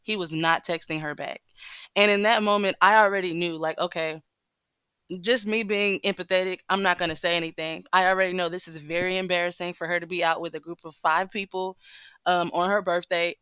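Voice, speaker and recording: A woman's voice: fairly low pitch, fairly even intonation, a little fast, sharp tone, clean tone, no room sound. A woman giving casual relationship advice, telling a story in a chatty way straight to her viewers. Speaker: commentator.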